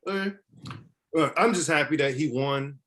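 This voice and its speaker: A man's voice: fairly high pitch, a little slow, fairly bright tone. A man co-hosting a casual wrestling podcast who jokes around and swears, then laughs at himself. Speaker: podcast co-host.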